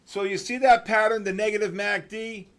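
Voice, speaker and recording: A man hosting a live trading session, talking fast and excitedly with sudden loud exclamations. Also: sits high, clear, resonant tone. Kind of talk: live trading room commentary.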